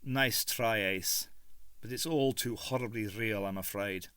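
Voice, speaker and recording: A man voicing the Doctor, a brooding, grave time traveller who speaks low and grimly. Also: measured pace, pushed and bright, clear, resonant tone, dry recording, studio quality. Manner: grim, low and muttering.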